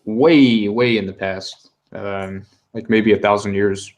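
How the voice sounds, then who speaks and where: A man's voice: lowish voice, fairly even intonation, slow pace, a little mellow. Laughing, easygoing male game master. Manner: casual, laughs often, many fillers. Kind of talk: narrating a tabletop game.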